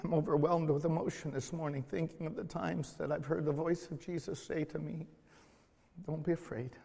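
A middle-aged man preaching a sermon in a church, slow and emotional, swelling loud then dropping to quiet tones. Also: fairly high pitch, fairly even intonation, creaky, husky, in a large hall. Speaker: pastor. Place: church sanctuary.

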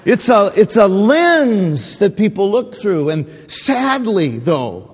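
Male pastor, sermon with amens and shouted peaks, long hall reverb. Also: high-pitched. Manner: preaching with call-and-response amens, rising to shouts.

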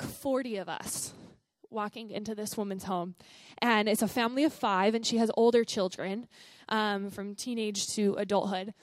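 A young woman missionary from the American South tells her testimony to a church congregation in a chatty, earnest way, with plenty of ums and likes. Her voice sits somewhat high. The recording is close and dry. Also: no room sound. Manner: chatty, earnest, with many fillers.

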